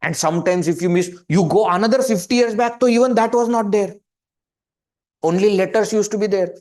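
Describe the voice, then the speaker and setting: A man giving a lively spiritual talk in Indian English, his voice sitting high for a man. He talks conversationally, firing off rhetorical questions and playing out everyday examples as he goes. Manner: animated, acts out questions and quoted people. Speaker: spiritual teacher. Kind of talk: webinar talk on joyful living.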